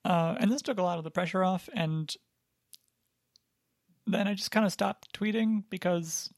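A podcast co-host chats along in a loose, rambling way, full of hedges and little asides, with a deadpan streak. The voice has a gravelly fry to it. The sound is dry and close, with no room around it. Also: mid-range voice, normal speed, dry recording. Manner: rambling, hedging, filler-heavy. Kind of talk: casual chat.

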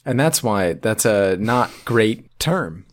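A man's voice: on the low side, expressive, slow pace. Playful joking podcast man. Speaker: podcast co-host. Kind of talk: casual tech chat.

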